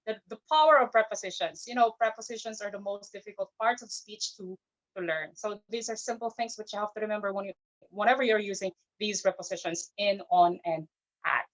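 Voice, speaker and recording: A woman's voice: medium pitch, fairly quick. A woman, an English speaker, giving a careful, teacherly evaluation of grammar and pronunciation at an online speech club. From Philippines. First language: not English. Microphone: video call. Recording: dull lo-fi video call audio.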